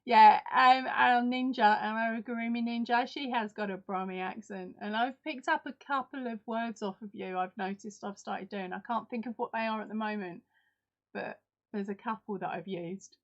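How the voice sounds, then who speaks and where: A woman's voice: a little high, steady tone, moderate pace, lo-fi sound. A woman hosting a live crafting stream in casual chat, reading out and answering viewers' comments. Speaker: host.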